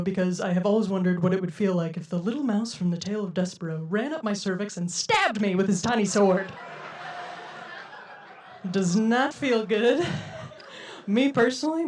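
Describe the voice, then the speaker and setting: A woman's voice: medium pitch, animated, normal speed, darkish tone. Woman comic with a lilting, silly voice. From Denver, USA. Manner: lilting, quirky, self-described silly way of talking. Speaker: stand-up comedian. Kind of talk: stand-up routine. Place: comedy stage before a live audience.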